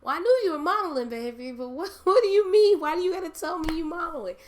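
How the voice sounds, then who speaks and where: A woman voicing a doting elderly great-aunt who calls her listener baby in a warm folksy drawl. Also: very high voice, lively intonation, quick pace, voice pushed up. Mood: teasing.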